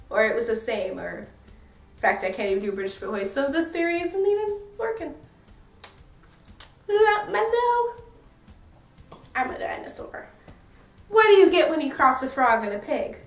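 A woman's voice: fairly high pitch, far from the mic. A young American woman vlogging in a casual, rambling and self-mocking way. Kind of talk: casual chatty review. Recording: echoey room, a bit off-mic.

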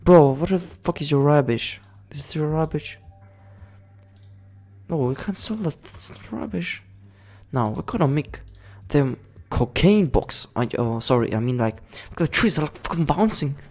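A man's voice: fairly high pitch, expressive, moderate pace, a little mellow. A man giving casual game commentary, rambling along with frequent giggles and swearing. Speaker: gaming video creator.

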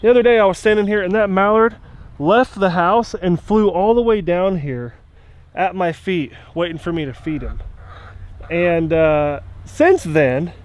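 A man's voice: high voice, a little slow, muffled recording. A middle-aged man, rambling in a folksy way as he films a casual vlog outdoors on his rural property. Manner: folksy and rambling, talks to his pet duck. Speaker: duck-hunting guide and vlogger.

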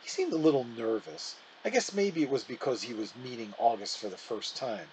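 Animated man reading aloud. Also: medium pitch, a little fast, slight background noise, rough recording. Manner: animated storytelling. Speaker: storyteller. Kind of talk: reading a children's book aloud.

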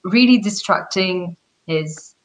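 Slow, low-voiced woman guest. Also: poor audio. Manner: measured, thoughtful, pauses to find words. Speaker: guest in a book discussion. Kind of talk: casual book discussion.

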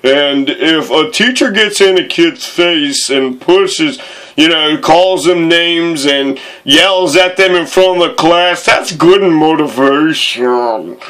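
A man's voice: on the high side, slow pace, fairly bright tone. A man playing a smug female school official who sarcastically defends abusive teachers. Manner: sarcastic, preachy, profane.

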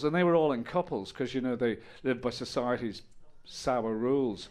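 A middle-aged man doing a stand-up set on stage, telling stories deadpan with bursts of loud exasperation. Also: medium pitch, moderate pace. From Ireland. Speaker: stand-up comedian. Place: comedy stage with audience.

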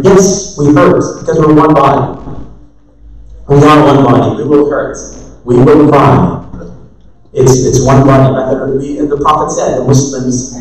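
A man's voice: medium pitch, darkish tone. A man giving a Friday sermon in a mosque, earnest and exhorting, reciting Arabic scripture between his points. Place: mosque prayer hall. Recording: echoey hall, voice far from mic.

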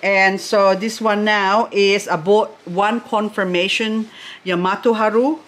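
A middle-aged woman hosts a casual unboxing vlog at a comfortable mid pitch. She chats freely, gushes over the plants in front of her, and drifts into little asides between her exclamations. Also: steady tone, measured pace, fairly bright tone. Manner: gushing, exclaims over beauty, chatty asides. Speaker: succulent grower unboxing plants.

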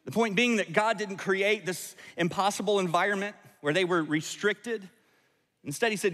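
A man preaching a sermon in an easy, wry, conversational manner, fond of asides. His voice sits a little high, and a long reverb from a large church auditorium trails each phrase. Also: moderate pace, a bit bright. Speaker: pastor.

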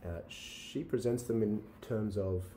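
A man with a low, mellow voice gives a university lecture, pausing on fillers and asking "right?" to check understanding. He sounds set back from the mic in a roomy hall, with faint room ambience behind him. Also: recorded from a distance, a little hiss or hum. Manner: talks through examples with frequent "right?" checks and fillers.

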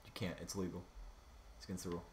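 A young man gaming with friends, excitable, swearing often and whining when he pleads. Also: low-pitched, rapid-fire, roomy sound, a crowd in the background. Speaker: gamer, channel host. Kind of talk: casual gaming chat.

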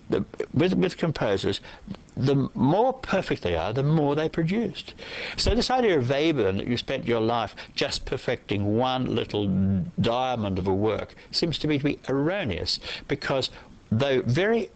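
A man's voice: medium pitch, vocal fry, poor audio. A man answering as a guest in an interview, reflective and opinionated, thinking his points through aloud. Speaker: guest poet.

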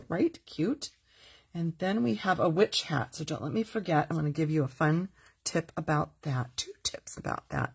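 Chatty woman, low breathy voice. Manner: chatty, upbeat, reads viewer comments aloud. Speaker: crafting host. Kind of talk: live stamping tutorial.

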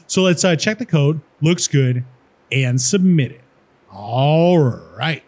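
A man tutoring coding in a casual screen-share walkthrough, thinking aloud in a relaxed way with many "all right"s and pauses. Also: a little high.

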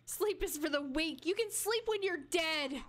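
Talking to both her audience and her game characters, a young woman keeps up casual, giggly chatter during her live stream and laughs often. Her very high voice is expressive and a bit bright, and she takes her time speaking.

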